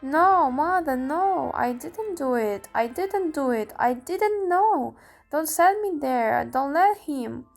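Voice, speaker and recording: A desperate young man in chains begs his father in rising, pleading cries, voiced by a young woman. The voice sits high and moves slowly. Faint music hums behind. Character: desperate young male prisoner begging.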